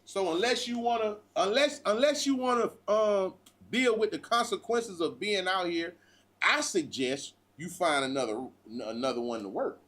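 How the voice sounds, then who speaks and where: Animated, high-pitched man preaching street talk. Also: moderate pace. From United States. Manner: profane, preachy street talk with repeated "bruh". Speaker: livestream host. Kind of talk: casual livestream monologue.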